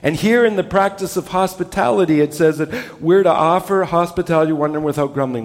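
A male pastor preaching a sermon with emphasis, dropping low and soft on key words. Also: quick pace, hardly any pauses, in a large hall.

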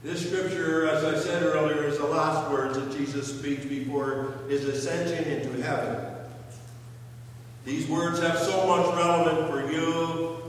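A man preaching a sermon, retelling scripture with slow, questioning drama. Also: on the high side, steady tone. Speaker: pastor. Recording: echoey hall from far off, faint hum.

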